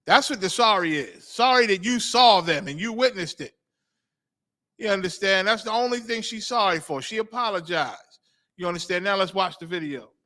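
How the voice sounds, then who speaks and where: Male host, preaching commentary, emphatic and repetitive, fairly high, bright voice. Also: animated, normal speed. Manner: emphatic, repeats phrases and asks 'you understand?'.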